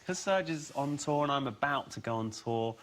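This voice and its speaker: A man's voice: medium pitch, expressive, moderate pace. A man guesting on a chat show, playful and surreal, recovering from a cold. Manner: playful, surreal, breaks into silly voices. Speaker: comedian guest. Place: TV studio.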